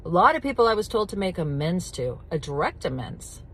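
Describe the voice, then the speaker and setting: A woman's voice: mid-range voice, big pitch swings, a little fast, hardly any pauses, fairly bright tone, breathy edge. Blunt, direct middle-aged woman. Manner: blunt, direct, emphatic, swears casually. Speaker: recovery coach. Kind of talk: casual teaching talk to camera.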